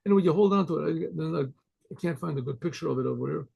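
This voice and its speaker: Rabbi telling a story, gravelly and husky, rambling and animated, on a video call mic. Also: male voice, fairly high pitch, fast talker. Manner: rambling, animated, full of restarts. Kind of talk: storytelling talk.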